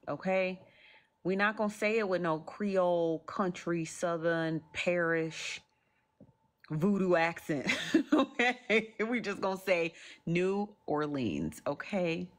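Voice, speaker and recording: A woman hosting a live stream, chatting casually to viewers as she reacts to clips, laughing now and then. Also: on the low side. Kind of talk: casual commentary.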